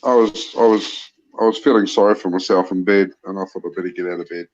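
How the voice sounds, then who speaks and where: Kiwi guy with a cold, lower voice, dry jokes, muffled lo-fi call sound. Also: fairly even intonation, quick pace, a little mellow, slight background noise. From New Zealand. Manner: self-mocking, dry joking. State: has a cold. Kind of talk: casual live-stream chat. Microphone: video call.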